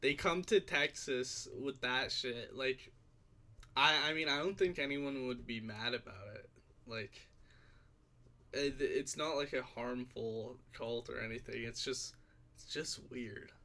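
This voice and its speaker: A man's voice: mid-range voice, a little slow, bright, forceful tone. Laid-back slangy man chatting. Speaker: co-host on stream. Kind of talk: casual chat.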